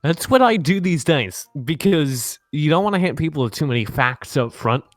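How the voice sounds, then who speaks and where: A man's voice: a little high, animated, moderate pace, dry recording, faint music behind. A man casting a mobile shooter esports match live, breaking down plays with joking, analytical banter. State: tired from no sleep. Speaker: esports caster.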